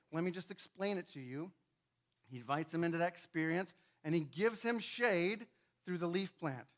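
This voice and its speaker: A man's voice: sits high, fairly bright tone. A male pastor preaching a sermon in a church, teaching in a conversational way and often checking in with his listeners.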